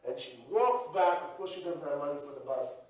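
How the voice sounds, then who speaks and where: A male rabbi teaches through a story, talking in an animated way that often stops and restarts. His voice sits fairly high for a man and echoes heavily around the room. He is picked up from some distance from the mic. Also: a little fast. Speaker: rabbi and yeshiva spiritual supervisor. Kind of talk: teaching a story-based religious lesson.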